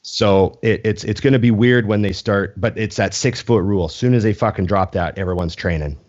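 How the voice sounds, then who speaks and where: A man's voice: lowish voice, brisk, darkish tone. A man hosting a podcast in a casual chat, laid-back and swearing offhandedly. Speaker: podcast host. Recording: dull lo-fi podcast audio.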